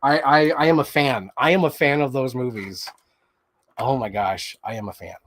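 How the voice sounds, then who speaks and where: A man hosting a show, excitedly rambling through a movie recap in casual chat, swearing freely. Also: medium pitch, moderate pace. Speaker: show host.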